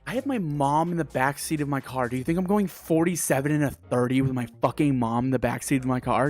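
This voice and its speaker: A young man live-streaming an animated, profane storytime, with sudden incredulous outbursts. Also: medium pitch, fast talker, few pauses, soft background music. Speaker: livestreamer.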